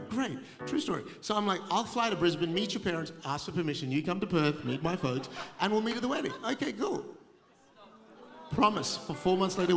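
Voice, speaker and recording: A middle-aged male pastor telling a funny story in a sermon, animated and laughing as he goes, recorded live in a large church. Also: a little high, vocal fry. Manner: humorous, animated storytelling, laughing through anecdotes. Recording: live church recording with long reverb and music behind.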